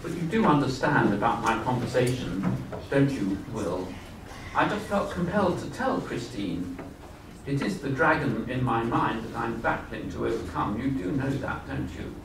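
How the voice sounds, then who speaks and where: A man's voice: mid-range voice, animated, moderate pace. A man reading his own first-person story aloud at a live literary event, earnest and confiding. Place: festival event hall. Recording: echoey hall, far mic, background noise.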